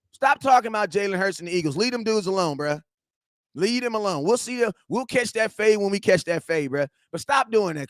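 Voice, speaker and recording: A man with a high voice hosts a fan reaction stream. He rants in loud, slangy bursts and keeps raising his voice to hammer his points. The sound is close and dry, with no room behind it. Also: no echo. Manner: animated ranting, slangy, often shouting. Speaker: sports fan show host. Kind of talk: heated fan reaction livestream.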